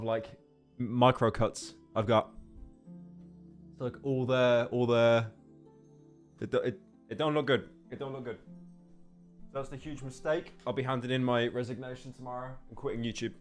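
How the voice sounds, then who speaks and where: A man streaming live from his home setup, joking and rambling, often stammering and repeating words into a desk microphone. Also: mid-range voice. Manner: joking, sarcastic. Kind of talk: casual livestream chat. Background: faint game music.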